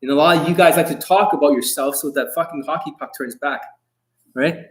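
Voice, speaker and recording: A man's voice: medium pitch, brisk, low-quality recording. Brash, swearing man lecturing his viewers. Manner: brash and combative, swearing often; boastful, talks about himself in the third person. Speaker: dating coach. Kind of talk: livestream monologue to viewers.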